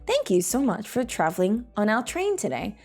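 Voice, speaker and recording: A woman's voice: medium pitch, wildly swooping pitch, moderate pace, a little mellow, faint music behind. A woman putting on a sing-song train announcer. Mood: mock-polite. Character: mock-polite female train announcer.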